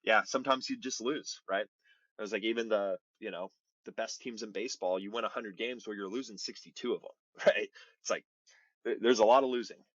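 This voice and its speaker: A man in his thirties, a baseball pitcher telling his story as a podcast guest in an earnest, rambling way, full of "like" and "you know". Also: fairly quick, dry recording, dull audio. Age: 30s. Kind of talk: casual interview storytelling.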